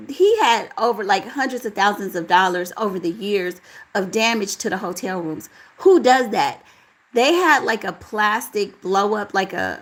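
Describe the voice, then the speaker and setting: A woman hosting a casual live chat, reading out viewer comments and answering them in a relaxed, talkative way. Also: mid-range voice, low-quality recording. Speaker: livestream host reading chat.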